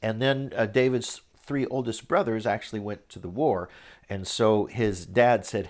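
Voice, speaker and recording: A man teaching, reading a Bible passage aloud and retelling it in a relaxed, conversational way. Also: on the low side, measured pace.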